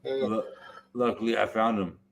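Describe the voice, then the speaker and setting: A man in casual chat, telling a rambling story, swearing heavily and talking with animated energy. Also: on the low side, moderate pace, vocal fry. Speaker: podcast host.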